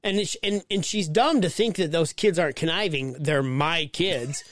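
Profane joking man, slightly high voice. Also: normal speed, no echo. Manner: profane, storytelling, animated. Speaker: podcast co-host. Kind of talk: casual crude banter.

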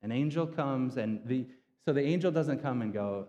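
A man's voice: medium pitch, animated, a little fast, warm tone, dull audio. Casual preaching man in a reverberant hall. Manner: casual, retells scripture in everyday slang. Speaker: pastor. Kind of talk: conversational sermon storytelling. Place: church sanctuary.

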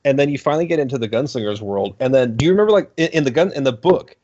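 A man's voice: medium pitch, very fast. Ranting man, dull lo-fi recording. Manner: animated, profane ranting with mocking voices. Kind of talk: casual chat. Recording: dull lo-fi sound.

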